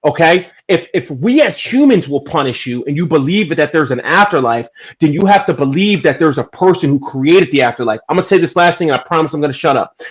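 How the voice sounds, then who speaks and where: A man from New Jersey talking earnestly and emphatically in a casual podcast chat, making his case with animated bursts. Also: on the high side, husky. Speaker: podcast guest. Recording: dull lo-fi audio.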